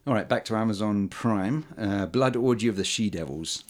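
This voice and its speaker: A man in a casual podcast chat, talking haltingly with many ums and uhs and frequent chuckles. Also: fairly low pitch. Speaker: podcast host reviewing old films.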